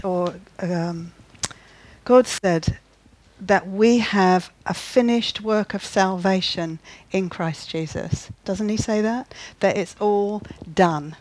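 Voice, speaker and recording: A woman's voice: medium pitch, a little mellow, no echo, low-quality recording. A woman preaching a sermon in an earnest way, repeating key phrases and often asking the listeners whether they see what she means.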